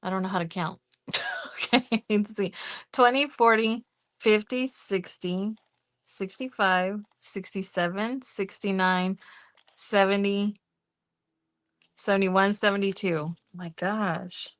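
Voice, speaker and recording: A middle-aged woman talks to her live viewers from home in a loose, easygoing way. She takes her time, letting each phrase come out at a leisurely pace. Her pitch sits right in the middle, and she chats warmly while tallying up cash. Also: fairly even intonation, slow pace. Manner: chatty and easygoing, counts cash aloud. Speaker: budgeting livestream host. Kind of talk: casual live-stream chat.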